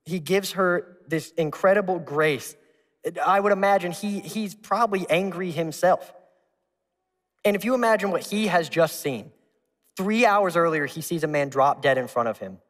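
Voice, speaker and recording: Young man, conversational preacher, voice a touch high, big reverberant hall. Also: moderate pace. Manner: animated storyteller, conversational with the congregation. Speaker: pastor. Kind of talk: sermon with personal story. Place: church hall. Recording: long church hall reverb.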